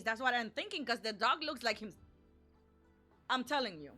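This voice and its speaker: High-voiced woman streamer, animated storytime, acts out bits, lots of "like". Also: moderate pace, long pauses, faint music behind. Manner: animated, acts out dialogue, frequent "like". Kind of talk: casual storytime.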